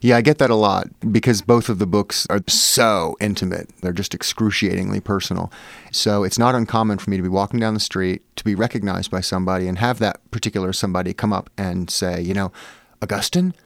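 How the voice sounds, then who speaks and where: A man's voice: low voice, steady tone, fairly quick, gravelly, dry recording, clean studio sound. A man from Massachusetts, a memoir author, telling personal stories in an interview with candid, wry humor and frequent "you know" fillers.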